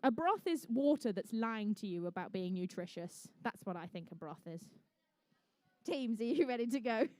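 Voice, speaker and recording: A woman's voice: fairly high pitch, animated, normal speed, darkish tone, no echo. A woman commentating a live competition, bubbly and jokey, chatting with the crowd between rounds. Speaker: event commentator and MC.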